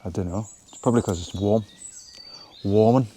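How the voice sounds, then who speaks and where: A man chats in an easy, rambling way, full of fillers, as he films himself at a wild camp in the woods. His voice sits fairly low. Faint birds and outdoor ambience carry on behind him. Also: normal speed, background noise. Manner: relaxed, chatty, rambling with fillers. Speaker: vlogger. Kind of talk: casual outdoor vlog talk. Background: birds and woodland ambience.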